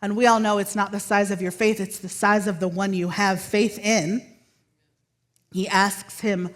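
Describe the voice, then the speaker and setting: A woman pastor preaching a sermon, telling a story in a relaxed way and sometimes dropping her voice to a hush. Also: medium pitch, normal speed. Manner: relaxed, with occasional "um" fillers.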